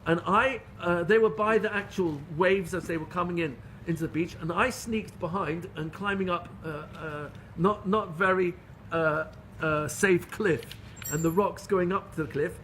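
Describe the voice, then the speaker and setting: A middle-aged rabbi giving a Torah lecture, telling stories in an earnest, animated way with frequent restarts. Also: male voice, high voice, moderate pace, a little hiss or hum. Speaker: rabbi teaching a class.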